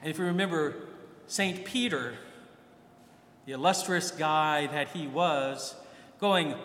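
A man's voice: on the high side, takes it slowly, long pauses, a bit bright. A man preaching a sermon in a church, talking conversationally and acting out the voices he quotes. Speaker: priest. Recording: echoey church hall.

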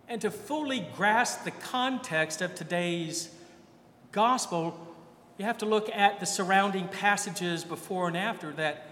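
A man with a high-pitched voice preaches a sermon at an unhurried pace, slipping into lively quoted voices as he tells the story. He is recorded in a church, with a long reverberant tail behind every phrase. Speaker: priest. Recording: echoey church hall.

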